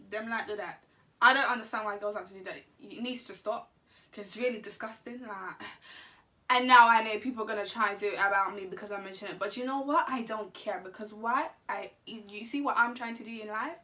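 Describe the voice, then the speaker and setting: A woman telling a story to camera in an animated, slangy, laughing way. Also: medium pitch, fairly quick, far from the mic. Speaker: vlogger. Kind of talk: casual storytime.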